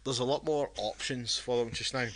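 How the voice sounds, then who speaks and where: A man's voice: mid-range voice, steady tone, moderate pace, a bit bright. A drunk man, co-hosting a casual podcast chat and rambling with many restarts. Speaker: podcast co-host.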